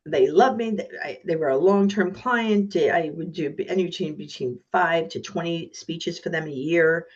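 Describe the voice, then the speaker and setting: Lively storytelling woman, slightly muffled. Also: fairly low pitch, moderate pace, few pauses. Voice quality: animated storyteller, acts out voices in anecdotes. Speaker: guest speaker. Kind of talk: podcast interview.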